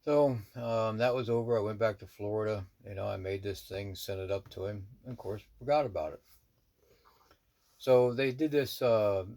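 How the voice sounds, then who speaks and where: Warm-toned and lowish, a middle-aged man who works as a shaman recounts a personal story at a moderate pace. He wanders along in a relaxed, rambling way, tossing in plenty of asides.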